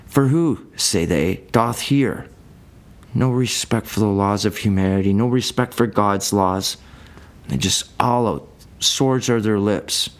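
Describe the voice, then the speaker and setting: A man's voice: lowish voice, takes it slowly. A man preaching a sermon, reading verses and explaining them in a loose, conversational way. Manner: colloquial, conversational Bible teaching.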